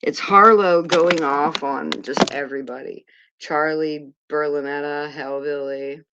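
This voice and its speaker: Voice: medium pitch, fairly even intonation, a little slow, lo-fi sound, very noisy. A livestream host chatting casually, rambling and distracted, swearing offhand while sorting out links. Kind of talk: casual commentary chat.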